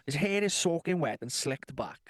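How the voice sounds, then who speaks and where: A man's voice: on the high side, sing-song, normal speed, fairly bright tone, dry recording, studio quality. A man in his thirties, a podcast co-host telling rambling stories in casual chat and swearing constantly.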